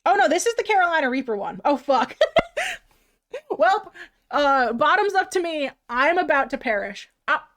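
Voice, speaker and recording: A woman's voice: sits high, very animated, normal speed, fairly bright tone. A woman streamer chatting casually on a livestream, self-mocking and swearing freely.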